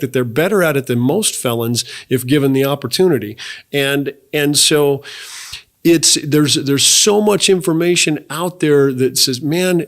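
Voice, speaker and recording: A man hosting an interview as a mission director, speaking in an earnest, impassioned conversational way. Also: on the high side. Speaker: host, director of a residential rescue mission.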